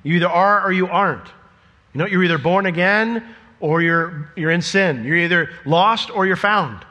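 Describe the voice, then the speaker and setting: A man pastor delivering a sermon, swinging between loud emphatic questions and hushed, slow, near-whispered phrases. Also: high-pitched. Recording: long reverb of a large hall.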